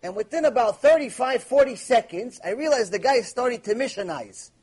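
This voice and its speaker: Male rabbi for a lecture. Fairly high voice, slightly husky, emphatic storyteller who fires off rhetorical questions. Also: brisk. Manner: emphatic, animated anecdote telling with rhetorical questions.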